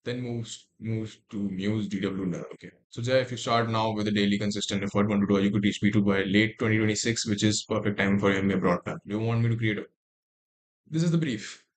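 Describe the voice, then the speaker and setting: Young Indian-accented man, casual streamer, reads on-screen text aloud, thinks out loud mid-sentence. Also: lowish voice, steady tone, fairly quick. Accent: Indian English. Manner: reads text aloud with muttered asides and restarts. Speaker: livestreamer. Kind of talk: casual livestream, reading aloud.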